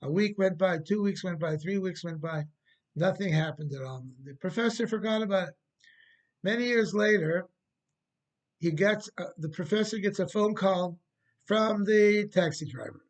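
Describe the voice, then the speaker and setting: Brief: rabbi narrating a parable, gentle and unhurried, notably high voice. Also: male voice. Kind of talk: storytelling sermon.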